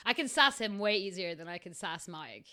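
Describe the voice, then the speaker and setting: A woman's voice: on the low side, expressive, normal speed, bright, forceful tone. A woman with a South African accent, reading her own story aloud on a podcast and stopping often to chat and laugh. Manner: chatty, laughs often, breaks off to comment.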